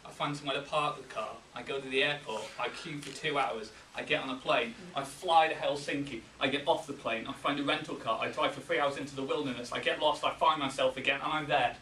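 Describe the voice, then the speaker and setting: A man with a Yorkshire accent giving a humorous contest speech, with deadpan timing and pauses for laughs. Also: mid-range voice, a little hiss or hum. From England. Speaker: contest speaker. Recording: roomy hall, mic from a distance.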